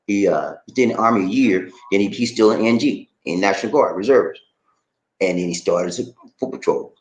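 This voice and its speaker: A middle-aged man hosting a casual online live chat, his pitch swinging widely as he tells stories with outspoken, laughing energy. The room is echoey. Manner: animated, laughing, outspoken storyteller. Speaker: YouTube show host.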